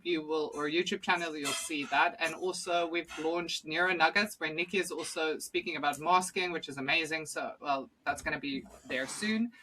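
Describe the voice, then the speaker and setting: Host: young South African woman, bright and chatty, casual interview talk with easy laughs and restarts. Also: deep voice, a little hiss or hum. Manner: chatty, laughs often, talks through restarts. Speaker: podcast host.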